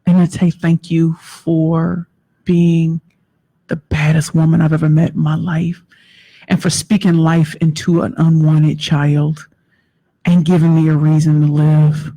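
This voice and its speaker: A woman's voice: low voice, completely flat delivery, unhurried, mellow, poor audio. A woman with a Nigerian accent, a guest coach, talking in an emphatic, motivational way and often repeating her phrases. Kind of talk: interview conversation.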